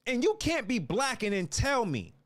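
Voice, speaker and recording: Fiery, high-pitched ranting man. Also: wildly swooping pitch, normal speed, fairly bright tone. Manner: fiery, restarts and repeats words. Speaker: political commentator. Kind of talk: heated ranting monologue.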